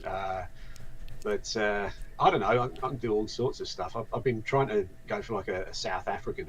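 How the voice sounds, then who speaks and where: A man's voice: fairly low pitch, slight background noise, poor audio. A man in his forties with an Essex accent, talking casually as an interview guest, rambling with lots of restarts and self-deprecating asides. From southeast England. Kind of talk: casual live-stream chat.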